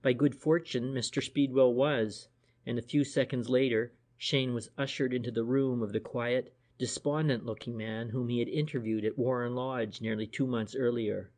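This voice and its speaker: A man reading a classic detective novel aloud in a measured, unhurried way. His voice sits at an everyday middle pitch. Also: fairly even intonation, a little mellow. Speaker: audiobook narrator. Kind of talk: scripted narration.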